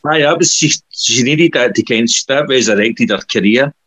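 A man with a husky voice in a casual podcast chat, agreeable and quick to laugh. His voice sits in a middle register, and the sound is dry and close. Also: medium pitch, fairly bright tone, no echo. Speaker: podcast co-host.

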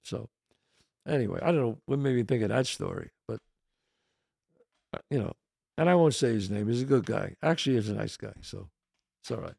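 A man, hosting a podcast and telling a casual, animated anecdote that shifts into quoted voices. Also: lowish voice, fairly quick, gravelly, pauses often, slightly rough, no room sound, clean studio sound. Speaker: podcast host. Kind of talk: casual storytelling.

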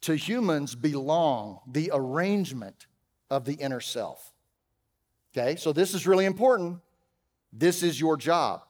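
A man preaching a sermon as pastor, conversational, with humorous asides, swinging from loud emphasis to quiet. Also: on the high side, animated, measured pace, long reverb tail. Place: church auditorium.

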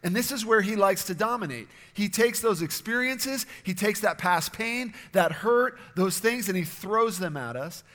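A man preaching a sermon as pastor, earnest and steady, sometimes acting out quoted voices. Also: high-pitched, normal speed, hardly any pauses, long reverb tail.

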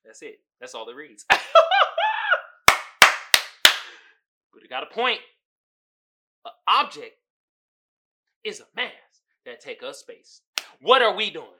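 A man hosting a podcast in a casual, comedic commentary style. He swears freely, laughs often, and swings from low mumbling to loud outbursts. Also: sing-song, unhurried, pauses often. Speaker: podcast host.

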